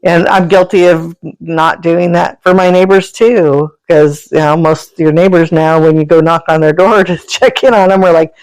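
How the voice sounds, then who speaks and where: A woman's voice: lowish voice, steady tone, moderate pace, few pauses, a little mellow, dry recording, poor audio. A woman telling animal stories as a podcast guest, chatty and rambling, laughing often. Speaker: guest, animal sanctuary founder and energy healer. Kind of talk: casual storytelling conversation.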